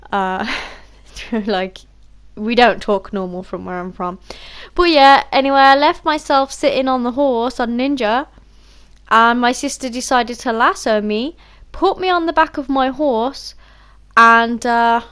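A woman's voice: on the high side, measured pace, fairly bright tone, clean tone. A woman from the Black Country, a gaming vlogger, chatting over game voice chat at home on a headset mic in a rambling, chatty way, laughing often. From Black Country, England.

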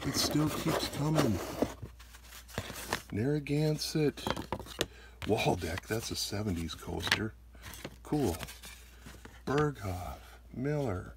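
A man's voice: fairly low pitch, slow pace, creaky, long pauses, noisy background. A man collector hosting an unboxing video, calling out each find and exclaiming with delight. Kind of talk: unboxing vlog.

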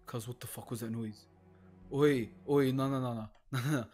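A man's voice: medium pitch, steady tone, normal speed, darkish tone, faint music behind. A young man commenting nervously on a horror game he plays alone at home, swearing and hesitating. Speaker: gaming video host.

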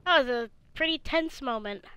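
A young woman hosting a gaming channel, giving excitable live gameplay commentary into a headset, swearing and laughing often. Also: high voice, normal speed, background noise.

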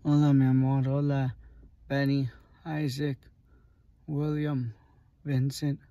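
Tired, slow, gravelly-voiced grieving man. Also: medium pitch, level tone, lo-fi sound. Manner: soft, tired and halting. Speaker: vlogger. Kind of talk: late-night video diary. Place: small private sleeping area, indoors.

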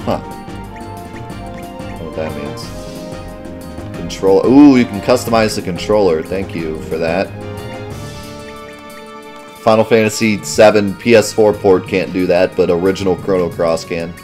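A man with a very low voice talks casually through a video game, half-muttering his asides as he reads menus. Faint background music plays underneath his commentary. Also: normal speed, darkish tone. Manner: mumbly, muttering asides while reading menus. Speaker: let's play host.

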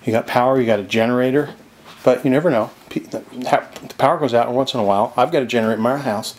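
He's a fast talker with a medium pitch, a real estate vlogger touring a cabin beside a creek. Casual and enthusiastic, he talks to the viewer as he walks, then drops into soft whispers inside the log cabin.

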